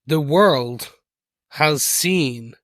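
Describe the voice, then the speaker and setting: A man's voice: a little high, drawn-out words, a bit bright, no room sound. A man co-hosting a casual podcast, jokey and self-deprecating. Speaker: podcast co-host.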